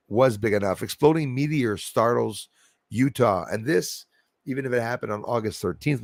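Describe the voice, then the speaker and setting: A man's voice: on the low side, no echo. A man vlogging space news, reading headlines aloud and rambling into skeptical asides, often restarting his sentences.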